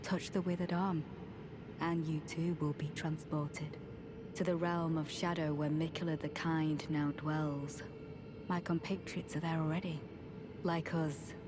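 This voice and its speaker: A woman voicing a devout female knight in a video game, with a steady, formal delivery. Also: low-pitched. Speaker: game character. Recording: game audio with clear ambient noise.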